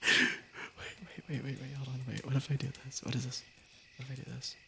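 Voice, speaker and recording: A man's voice: mid-range voice, monotone, brisk, gravelly, noisy background. A young man whispering through an ASMR stream, giggling and cutting himself off as he chats and reads stories aloud. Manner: giggly, playful, keeps interrupting himself.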